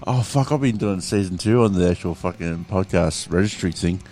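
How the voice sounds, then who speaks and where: A man's voice: deep voice, a little fast, darkish tone, soft background music. A man hosting a podcast in casual chat, rambling with fillers and plenty of swearing. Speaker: podcast host.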